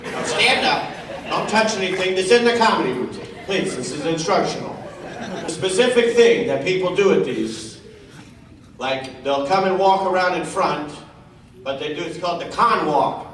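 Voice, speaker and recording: A man jokes with a convention crowd, teasing and swearing in a sarcastic, rambling way. His voice sits a little high. It is recorded from across a big echoing hall, with steady noise underneath. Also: moderate pace. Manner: sarcastic, teasing, profane riffing. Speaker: comedic voice actor on a convention panel. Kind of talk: improvised audience banter. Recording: echoey hall, distant mic, noisy.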